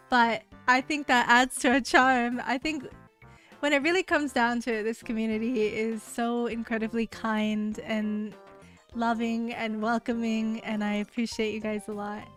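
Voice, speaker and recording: A woman's voice: on the high side, a bit bright. A young woman streaming live, chatting casually with her viewers, reading their messages aloud and laughing often, with lots of "like" fillers. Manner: heavy use of "like" fillers. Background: faint background music.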